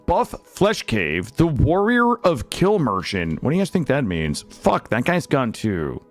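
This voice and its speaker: With soft music playing in the background, a young male streamer casually narrates his gameplay, swearing and chatting animatedly with viewers. His mid-range voice keeps a measured pace through a studio desk mic.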